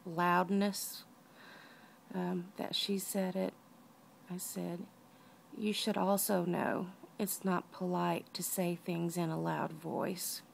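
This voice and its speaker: A weak, out-of-breath woman lying down at home, talking softly in a personal video diary and often dropping to a whisper. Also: on the low side, vocal fry, slight background noise. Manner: tired, soft-spoken, often drops to a whisper. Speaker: vlogger.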